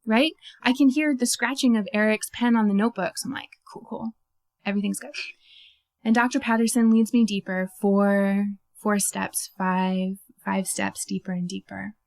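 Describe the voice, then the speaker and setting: A woman telling a first-person story on stage, animated and self-mocking, with lots of "like" and quick laughs at herself. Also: medium pitch, vocal fry. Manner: laughs at her own story.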